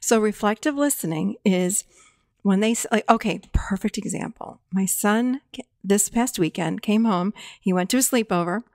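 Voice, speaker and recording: A woman's voice: medium pitch, moderate pace, no room sound, studio quality. A middle-aged woman talking casually as a podcast guest, telling a story with acted-out quotes and frequent laughs. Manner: animated storytelling, acts out quoted lines, laughs often.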